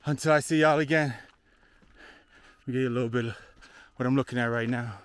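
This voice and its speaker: A man's voice: medium pitch, steady tone, fairly quick. Breathless man vlogging on a trail. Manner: chatty and joking, addresses viewers as y'all. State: out of breath from hiking. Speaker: hiking vlogger. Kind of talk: casual vlog talk to camera. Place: outdoors on a mountain trail.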